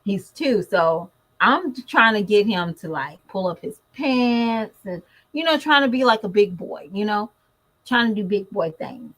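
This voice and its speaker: A woman's voice: medium pitch, measured pace, rough recording. A woman, a mother, talking casually and animatedly to her viewers in a vlog. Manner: chatty, animated, talks straight to viewers. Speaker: mother vlogger. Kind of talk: casual chat to camera.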